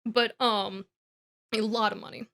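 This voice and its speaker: Young woman podcaster, kinda high voice, laughing a lot while she recaps the story. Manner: laughing, animated, quick voices for characters. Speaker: podcast co-host. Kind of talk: casual retelling of a book.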